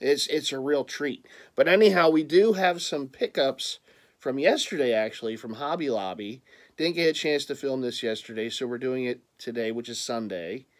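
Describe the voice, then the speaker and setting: A vlogger from the Philadelphia area, speaking with that accent in a medium-pitched voice at normal speed, chats casually about his purchases. He rambles, often stammering and restarting, and teases playfully.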